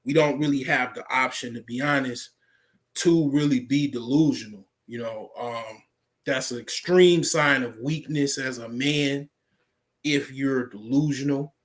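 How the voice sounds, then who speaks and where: A man's voice: medium pitch, measured pace. An American man talking in a casual, rambling monologue, full of fillers and profanity. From United States. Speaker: vlogger.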